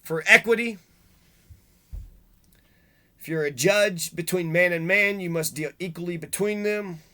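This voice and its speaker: Male commentator, high and bright, angry profane monologue host. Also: a little slow. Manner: profane, heated, swings between reading and ranting.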